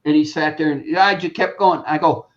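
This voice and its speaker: A man's voice: a little high, steady tone, brisk, muffled recording. A man chatting casually among friends, telling stories and acting out phone calls. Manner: storytelling, acts out phone calls. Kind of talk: casual chat.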